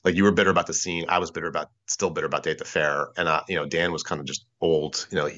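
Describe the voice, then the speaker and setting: A very deep male voice in his forties, quick and bright in tone, rambling through a casual chat full of filler words and loose swearing. He comes across a dull, lo-fi internet call. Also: steady tone, slight background noise. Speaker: podcast guest, former bandmate. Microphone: video call.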